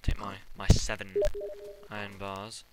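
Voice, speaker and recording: A man's voice: on the low side, completely flat delivery, a little slow. Young man, jokey gaming commentary. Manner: jokey, panics and yells when chased. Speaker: let's play gamer. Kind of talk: game commentary. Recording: loud background noise.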